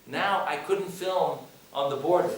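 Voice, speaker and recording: A man's voice: a little high, a little slow. A man from the United States, a film director speaking at a screening Q&A, talking emphatically with repeated phrases and rhetorical questions. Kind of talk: post-screening Q&A talk. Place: cinema hall. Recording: echoey hall, voice from far off, faint noise.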